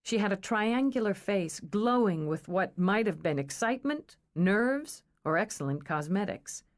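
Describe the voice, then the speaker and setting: A woman reading a romance novel aloud in a measured, expressive storytelling style. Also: medium pitch. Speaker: audiobook narrator. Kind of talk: scripted narration.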